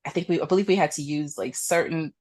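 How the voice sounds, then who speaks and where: Bubbly woman guest with a low voice. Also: fast, a little mellow. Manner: bubbly, laughs easily, thinks aloud. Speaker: interview guest, employment programs manager. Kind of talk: casual interview chat.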